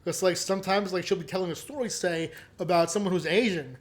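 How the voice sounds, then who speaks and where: A man co-hosting a podcast, joking and teasing his co-host in casual chat, sometimes stammering when excited. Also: sits high, quick pace.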